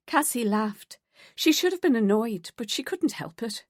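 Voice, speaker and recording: A woman narrating an audiobook in a steady storytelling voice. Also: fairly high pitch, measured pace, no echo, clean studio sound. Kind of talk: scripted narration.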